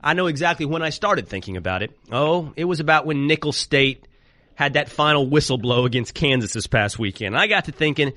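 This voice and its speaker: A man hosting a sports talk radio show, animated and joking with quick asides. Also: on the high side, no echo.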